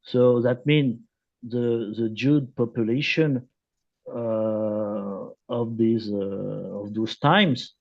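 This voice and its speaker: A man, a guest author explaining at length in an interview, halting with many fillers and repeated phrases. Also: mid-range voice, steady tone, lo-fi sound. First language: French. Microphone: video call.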